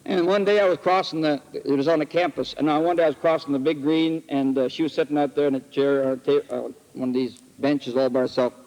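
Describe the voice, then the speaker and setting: A man preaching at a retreat, telling folksy stories with animated swings between loud exclamations and quiet asides. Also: a little high, quick pace, hardly any pauses. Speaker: retreat speaker. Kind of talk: folksy sermon with storytelling. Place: retreat hall. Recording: archival 1968 recording in a hall with long reverb.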